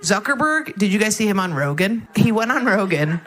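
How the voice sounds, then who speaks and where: A woman doing stand-up comedy and crowd work on a club stage, talking loudly and swinging into incredulous shouts. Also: mid-range voice, sing-song, normal speed. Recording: live club recording with crowd noise.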